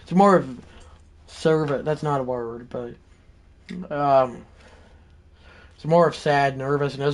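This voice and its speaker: A man livestreaming a baseball video game, commentating his own play and bursting into shouted home-run calls. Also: medium pitch, slow pace, long pauses. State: out of breath. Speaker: gaming livestreamer. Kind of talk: live gameplay commentary.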